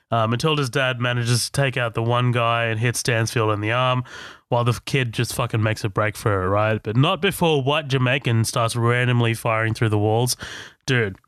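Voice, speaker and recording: Dry-sounding, excitable podcast guy. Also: medium pitch, smooth, dry recording. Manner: enthusiastic, swears freely, laughs often. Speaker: podcast co-host. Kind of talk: casual movie commentary chat. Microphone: podcast microphone.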